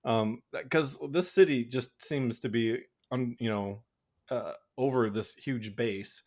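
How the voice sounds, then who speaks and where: A man of middling pitch co-hosts a podcast in casual chat. He rambles with fillers and restarts and laughs often as he talks. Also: slow, darkish tone. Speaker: podcast co-host.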